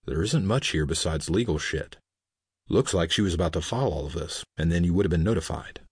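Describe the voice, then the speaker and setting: Gruff matter-of-fact biker, voiced by a man narrator with a deep, husky tone. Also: expressive, brisk, a little mellow, no echo, clean studio sound, full character voice. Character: blunt gruff male biker club member.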